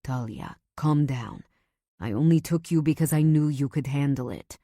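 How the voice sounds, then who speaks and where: A woman's voice: deep voice, moderate pace, dark tone, no echo, studio quality. A woman voicing a domineering mafia husband who speaks in a firm, clipped, controlling way. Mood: commanding. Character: domineering mafia husband, calm, commanding man.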